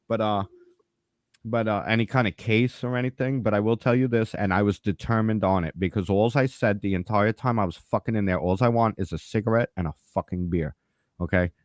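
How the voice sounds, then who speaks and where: Chatting casually on a podcast, a man tells a story full of constant swearing, animatedly acting out other people's lines. His voice is on the low side and fairly quick, captured as a dry, clean studio recording.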